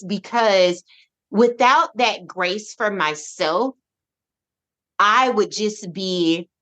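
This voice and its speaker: A woman guest on a podcast, telling her parenting story in an expressive, animated way, with frequent restarts. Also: medium pitch. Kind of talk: casual conversational interview.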